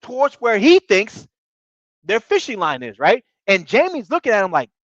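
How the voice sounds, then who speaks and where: Excitable slangy man recapping a show. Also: high-pitched, moderate pace, no room sound, dull audio. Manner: excitable, slangy, repeats bro, stumbles. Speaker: reality show reviewer. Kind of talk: casual recap commentary.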